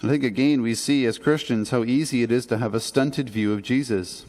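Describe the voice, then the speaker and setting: A man's voice: medium pitch, steady tone, fairly quick, a little mellow. Preaching man in a reverberant church. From Canada. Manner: earnest, conversational preaching with emphatic rises. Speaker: pastor. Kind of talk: sermon. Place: church sanctuary.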